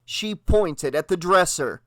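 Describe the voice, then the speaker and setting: A man narrating an audiobook with a dramatic, expressive reading. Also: sits high, slow, no echo. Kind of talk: audiobook narration with character voices.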